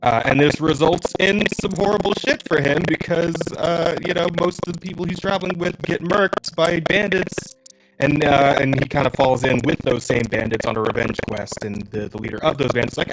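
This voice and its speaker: A man's voice: a little high, moderate pace, faint music behind. A young man co-hosting a podcast in casual chat, rambling with lots of restarts, swearing and laughing often. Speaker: podcast co-host.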